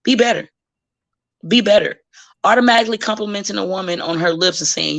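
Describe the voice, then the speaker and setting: A woman with a gravelly, fry-tinged voice chats as a guest in a casual interview. She talks bluntly, swears freely and slips into quick impressions of the people she is telling about. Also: mid-range voice. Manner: blunt, profane and animated, acting out quoted people. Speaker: professional wrestler, guest.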